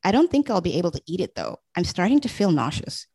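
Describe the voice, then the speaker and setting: A nervous, unwell young wife speaks in halting phrases, voiced by a woman narrator. The tone is low and husky. Dry, close delivery. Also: very animated, mellow, dry recording. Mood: uneasy. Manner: hesitant, faltering. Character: sick, anxious young wife.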